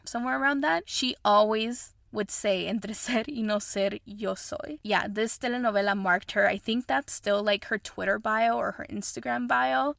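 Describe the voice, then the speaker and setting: A woman's voice: medium pitch, creaky, a bit bright, no room sound, clean studio sound. A young woman from Mexico whose first language is Spanish, hosting a podcast in a chatty, effusive way. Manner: chatty and effusive, says y'all. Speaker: podcast host. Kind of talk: casual solo podcast chat.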